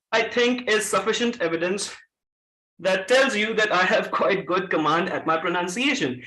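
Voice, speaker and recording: Bright-voiced man. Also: sits high. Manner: energetic, coaxes the audience with questions. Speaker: speaker at a public-speaking club. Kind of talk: interactive pronunciation workshop. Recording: echoey meeting room.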